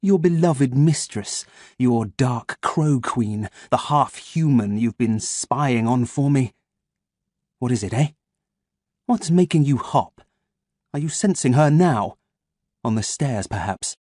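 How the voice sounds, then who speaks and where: A man reading an audiobook, voicing a scheming male scientist villain who taunts in a silky, mock-gentle manner. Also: medium pitch, lively intonation, slow pace, no echo, studio quality.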